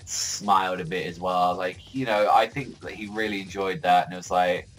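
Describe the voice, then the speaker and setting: Rambling low-voiced man swearing casually. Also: steady tone, moderate pace, a bit bright, low-quality recording. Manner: rambling, heavy filler "like", frequent swearing. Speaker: anime and manga reviewer. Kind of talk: casual review vlog.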